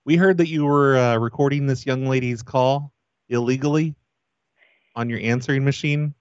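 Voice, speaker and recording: A man's voice: mid-range voice, steady tone, normal speed, clean tone, dry recording, lo-fi sound, close to an everyday voice. A man playing a pushy phone company agent on a prank call, blustering and stammering accusations. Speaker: prank caller.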